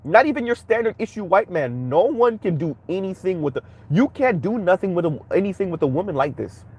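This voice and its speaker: A man's voice: sits high, sing-song, brisk, darkish tone, breathy edge. A man hosting a commentary stream, reacting bluntly and heatedly while speaking straight to his viewers. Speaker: commentary channel host.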